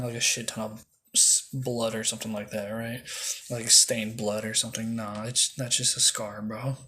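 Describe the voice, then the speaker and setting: Young guy, casual rambling fan-fiction teller, slangy, mid-pitched voice, faint background hiss. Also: a bit bright. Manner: rambling, slangy, lots of fillers and restarts. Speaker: storyteller.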